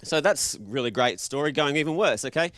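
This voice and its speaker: A man's voice: a little high, expressive, a little fast, a bit bright, no room sound, clean studio sound. An Australian man giving a casual, joking sermon to a live congregation, quizzing the audience as he goes. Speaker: preacher.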